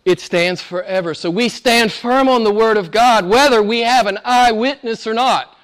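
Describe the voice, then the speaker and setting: A man's voice: high voice, lively intonation, normal speed, hardly any pauses, fairly bright tone. A middle-aged man preaching a sermon, rising and falling emphatically as he exhorts his listeners.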